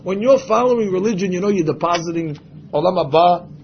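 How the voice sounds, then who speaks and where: A man with a high, gravelly voice gives an emphatic religious lecture and slips into the voices of imagined people. The recording is dull and lo-fi, with a faint hiss underneath. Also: fairly quick. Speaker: Torah teacher.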